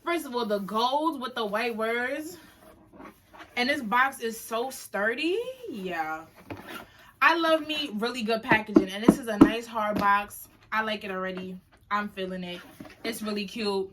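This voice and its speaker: A young woman, chatting through a casual unboxing vlog in a slangy, animated storytelling manner. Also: fairly high pitch, noisy background. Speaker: beauty vlogger.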